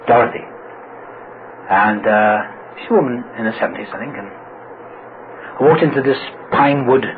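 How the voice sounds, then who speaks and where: A middle-aged man speaking at a recovery meeting, telling his own story with humor and acting out the voices of people he quotes. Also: on the low side. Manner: animated, acts out quoted voices. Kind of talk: humorous personal storytelling talk. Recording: tinny phone-like old recording with hiss.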